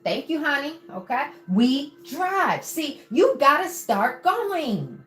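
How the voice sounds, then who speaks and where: A woman's voice: sits high, sing-song, takes it slowly, fairly bright tone. A woman giving a live-streamed motivational talk, preaching and encouraging, calling listeners baby and asking them to answer back. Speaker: motivational coach on a livestream. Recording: roomy echo with faint music.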